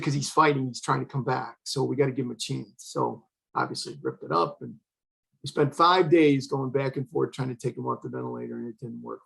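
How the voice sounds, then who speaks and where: A man's voice: mid-range voice, vocal fry, poor audio. An older man, a retired fire chief, telling an emotional personal story in an earnest way, acting out the dialogue of the people in it.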